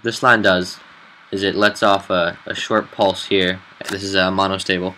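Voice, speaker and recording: A man who admins a game server, walking through a build in a casual tutorial, relaxed and halting with fillers. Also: sits low, a little hiss or hum, poor audio.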